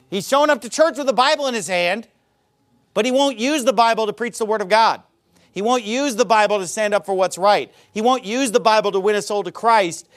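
A man preaching a sermon as pastor, emphatic and repetitive, hammering his points home. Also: extremely high pitch.

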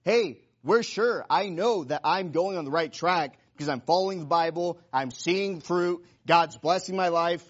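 Guy preaching a sermon, kinda high voice, earnest, keeps asking questions, muffled lo-fi audio. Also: normal speed, hardly any pauses. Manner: earnest, repeats rhetorical questions. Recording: dull lo-fi recording.

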